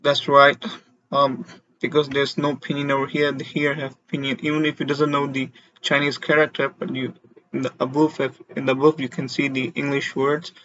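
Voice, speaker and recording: A man teaching a beginner Mandarin lesson, explaining slowly and deliberately and having learners repeat syllables after him. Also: mid-range voice, level tone, sharp tone, dry recording, muffled recording. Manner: slow, deliberate explanations with demonstrated tones.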